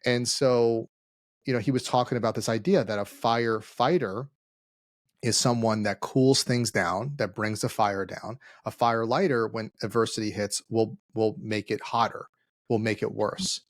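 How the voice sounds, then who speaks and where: A man co-hosting a casual business podcast, telling stories and acting out quoted dialogue with lively energy. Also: fairly low pitch, normal speed, no room sound, clean studio sound. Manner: animated storyteller, acts out quoted dialogue. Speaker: podcast co-host, CEO.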